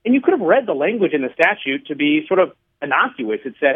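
Guy on a radio call-in, kinda high-ish voice, tinny phone sound, calm and explains stuff step by step. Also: slightly rough. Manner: measured, explanatory, tells stories to make points. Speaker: radio guest, regulatory commissioner. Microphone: phone line.

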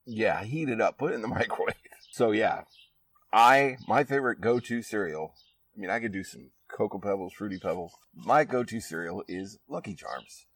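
A man's voice: lowish voice, moderate pace, a bit bright, dry recording, far from the mic, poor audio. A man from Iowa hosting a podcast, chatting casually and laughing easily, recorded outdoors in a backyard. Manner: laid-back, laughing, chatty. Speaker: podcast host. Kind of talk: casual chat.

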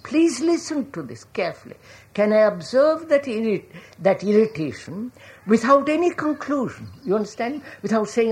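A woman's voice: fairly high pitch, big pitch swings, moderate pace, darkish tone. A woman giving a reflective public talk, asking questions and often checking whether listeners follow, calling them sir. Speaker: public speaker.

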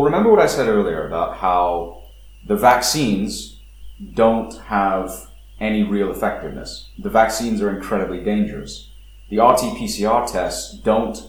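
Male commentator, low voice, emphatic scornful rant, boomy room with faint noise behind. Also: heavy reverb, low-quality recording. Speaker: political commentator. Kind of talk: opinionated monologue commentary.

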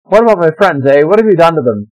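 A man voicing a frightened but defiant young heroine in a comedic dramatic reading of fan fiction, loudly tagging lines with a jokey "eh". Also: medium pitch, a little fast, dry recording, highs cut off, natural voice. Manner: jokey stock-Canadian "eh" tags, loud.

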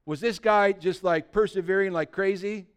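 Clear-voiced impassioned male preacher. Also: sits high, moderate pace. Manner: impassioned preaching, rising to loud emphatic peaks. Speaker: pastor. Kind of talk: sermon.

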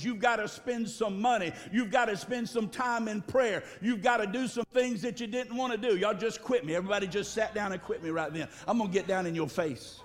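Male pastor, high voice, emphatic sermon delivery with call-and-response, long church reverb. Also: normal speed, few pauses. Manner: emphatic, calls for congregation response. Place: church sanctuary.

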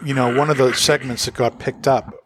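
A man's voice: mid-range voice, steady tone, a little fast, dry recording. A middle-aged man co-hosting a casual podcast, rambling and talking loosely. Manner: rambling, lots of fillers and restarts. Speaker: podcast co-host. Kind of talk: casual chat.

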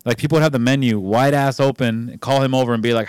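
A young man on a casual podcast, telling an anecdote about his brother in a relaxed, casually profane way. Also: medium pitch, fast, smooth, no echo, studio quality. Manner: relaxed storyteller, swearing casually. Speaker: podcast co-host.

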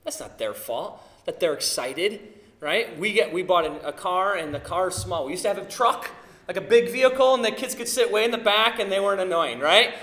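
A man in his thirties preaching a sermon, telling family stories with lively acted-out quotes. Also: high-pitched, brisk, roomy sound. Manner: animated storytelling, acting out quotes. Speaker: pastor.

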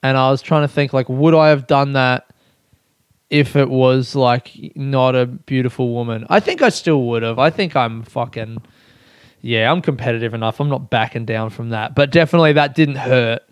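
A man's voice: medium pitch, normal speed, smooth, dry recording, clean studio sound. Rambling, self-mocking young man podcasting. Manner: rambling, self-mocking, swears often, laughs a lot. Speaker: podcast host. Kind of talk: casual solo podcast chat.

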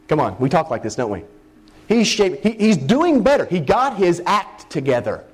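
Animated male preacher mid-sermon. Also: fairly high pitch, moderate pace, slightly rough. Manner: animated, exclaiming, acts out scenes.

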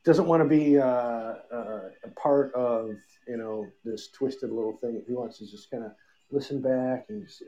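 A man rambles through a casual podcast chat, cursing and joking as he goes, with the hiccups. His voice is mellow and relaxed, of middle pitch. The recording sounds dull and lo-fi. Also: a little slow. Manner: loose, rambling, profane and joking. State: has the hiccups. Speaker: podcast co-host.

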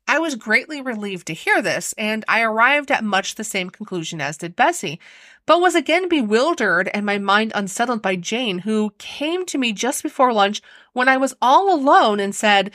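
A woman narrating an old ghost story in an expressive, animated storybook reading. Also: medium pitch, normal speed, dry recording. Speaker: audiobook narrator.

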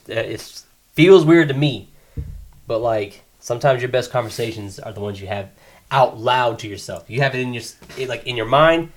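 Laid-back swearing young man chatting. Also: medium pitch. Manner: laid-back, candid, swears freely, laughs often. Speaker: podcast co-host. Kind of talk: casual podcast chat.

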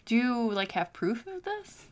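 A woman speaks slowly in a casual chat, her pitch rising and falling in a lively way. She asks probing questions and slips in dry quips. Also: a crowd in the background.

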